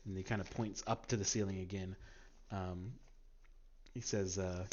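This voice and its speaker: A man narrating a tabletop game as game master, halting and full of fillers and restarts. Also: low voice, level tone, a little mellow. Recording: dull lo-fi sound.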